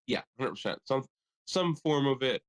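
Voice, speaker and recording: A male podcast co-host in loose, casual chat, riffing with plenty of swearing and lots of energy. His voice sits at an ordinary middle pitch. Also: normal speed. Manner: profane, animated riffing.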